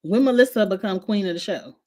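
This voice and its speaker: A woman's voice: mid-range voice, lively intonation, quick pace, dark tone. Woman ranting about reality tv, blunt and opinionated, cusses a lot, aave. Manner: blunt, opinionated, swears freely. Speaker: host. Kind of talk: casual reality TV recap.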